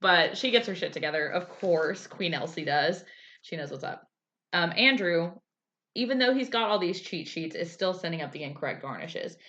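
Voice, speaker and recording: The speaker is a female podcast co-host, fairly low in pitch and at a normal pace, giving an animated recap of a TV episode on a casual show. When she quotes characters, she acts them out loudly. Audio is slightly dull lo-fi.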